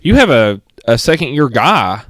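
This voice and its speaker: A man's voice: medium pitch, big pitch swings, moderate pace, a bit bright, dry recording. A young man co-hosting a casual sports podcast, blunt and opinionated, laughing often. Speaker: podcast co-host.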